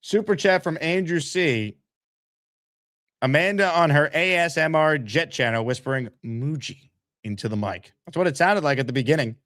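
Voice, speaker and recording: A man's voice: a little high, normal speed, a bit bright, dry recording, studio quality. A man hosting a live sports talk stream, teasing his guest and reading chat messages. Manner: teasing, needling, brash. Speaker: host.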